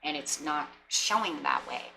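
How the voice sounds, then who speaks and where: A woman's voice: sits low, lively intonation, normal speed, vocal fry, pushed and bright, a little hiss or hum, rough recording. A woman giving a casual tarot reading, talking in a rambling way and acting out short imagined exchanges. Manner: chatty, rambling, acts out little quoted exchanges. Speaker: tarot reader.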